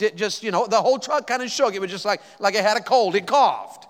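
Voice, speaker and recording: A male evangelist telling a folksy, animated story in a sermon, rising to excited exclamations. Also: high voice, normal speed. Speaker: evangelist preacher. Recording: long hall reverb.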